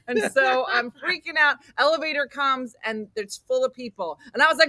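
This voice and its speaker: Middle-aged woman, comedy show host; lively storyteller, high and bright, acts out each character. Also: fast talker, hardly any pauses, dry recording. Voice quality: animated, acts out voices in stories.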